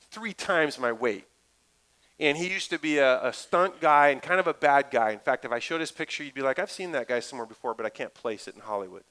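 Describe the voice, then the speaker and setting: A middle-aged man, a pastor, preaching a lively, conversational sermon full of asides and stories. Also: mid-range voice, poor audio.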